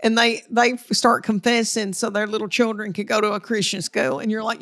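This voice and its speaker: A woman's voice: on the high side, fairly even intonation, brisk, few pauses, a bit bright. A middle-aged woman comedian with a thick Southern country accent, chatting folksy and self-deprecating, calling people darling. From Tennessee, US South. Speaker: comedian guest. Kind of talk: casual chat.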